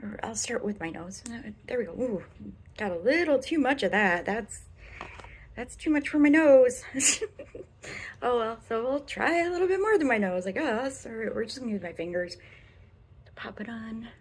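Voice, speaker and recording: A woman's voice: fairly high pitch, expressive, normal speed, slightly rough. Chatty young Midwestern woman vlogging makeup. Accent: American Midwestern. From American Midwest. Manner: chatty, rambling, often drops to a whisper. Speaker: beauty vlogger. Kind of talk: casual makeup review vlog. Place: bedroom.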